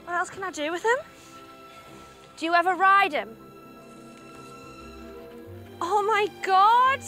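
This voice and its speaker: A young woman in her twenties with a Northeast English accent, gushing and squealing with excitement outdoors as she presents a travel show. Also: very high voice, normal speed, faint music behind. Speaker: reality TV presenter. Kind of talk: excitable travel vlog chat.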